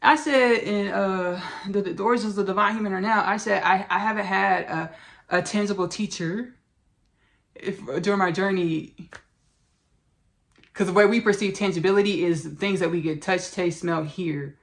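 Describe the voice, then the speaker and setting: A woman's voice: medium pitch, steady tone, normal speed, creaky. A woman hosting a podcast in casual spiritual talk, effusive and rambling, repeating herself and calling listeners "baby" and "y'all". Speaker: podcast host.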